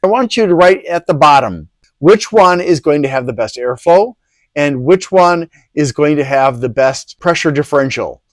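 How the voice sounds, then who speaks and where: Guy doing a chatty sarcastic pc fan review, voice a bit high, dry close sound. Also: expressive, moderate pace, no echo. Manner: chatty, rambling, sarcastic asides. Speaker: host of a PC hardware review channel. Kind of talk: casual product review talk.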